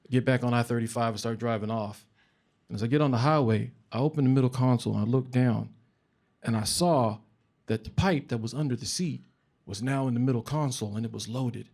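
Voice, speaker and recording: Speaking at a moderate pace in a mid-range voice, a man recounts a funny personal story at a live event in front of an audience. The delivery is conversational and comic, with laughter as he goes, occasional swearing and an animated retelling.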